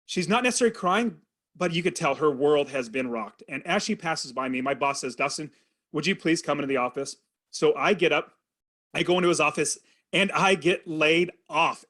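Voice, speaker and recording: A man in his forties, a real estate investor, telling a personal story in an earnest, animated way as a podcast guest. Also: a little high. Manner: earnest, animated storytelling with quoted inner thoughts. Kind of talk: storytelling in an interview.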